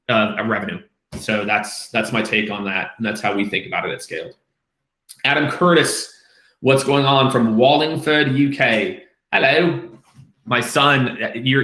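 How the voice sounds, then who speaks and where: Male host, 30s, loose rambling Q&A delivery, crisp bright tone, roomy echo. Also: medium pitch. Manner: rambling, lots of fillers and restarts, casual swearing. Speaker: host answering viewer questions. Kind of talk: casual live Q&A. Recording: echoey room.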